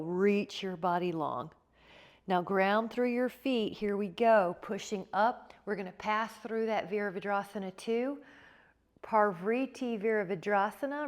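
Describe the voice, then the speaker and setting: Yoga instructor, woman, mid pitch; steady encouraging cues and breath prompts. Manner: calm, encouraging cueing with repeated breath prompts. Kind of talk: guided yoga class instruction.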